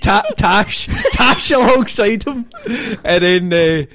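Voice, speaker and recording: A man's voice: high voice, animated, slow, fairly bright tone. A young Scottish man on a football podcast panel, joking, laughing mid-sentence and making up nicknames. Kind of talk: casual football podcast banter.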